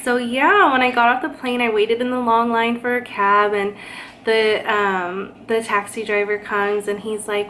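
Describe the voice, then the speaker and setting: A woman's voice: fairly high pitch, flat delivery, measured pace, fairly bright tone. Chatty young woman, light hiss. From California. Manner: chatty, lots of fillers and likes. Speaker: vlogger. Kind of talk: casual storytime.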